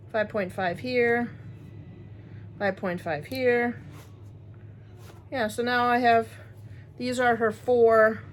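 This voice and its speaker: A woman talks in a chatty, rambling way straight to her viewers. Her voice sits fairly high. A faint hiss of background noise sits under the recording. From Wisconsin, USA. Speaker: crochet vlogger. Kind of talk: casual unboxing chat.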